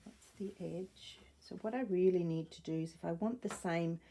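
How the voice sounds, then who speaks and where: A woman's voice: lowish voice, moderate pace, dark tone. A woman chatting and thinking aloud in a casual crafting vlog at home, rambling and correcting herself as she goes. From Australia. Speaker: sewing crafter. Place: home room with a wooden floor. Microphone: camera set up nearby.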